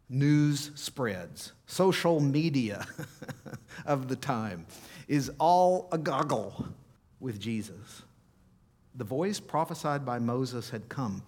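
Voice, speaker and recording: Guy preaching, super expressive pitch, takes his time, reads verses with lots of feeling. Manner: animated, emphatic, reads scripture aloud with feeling. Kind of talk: sermon.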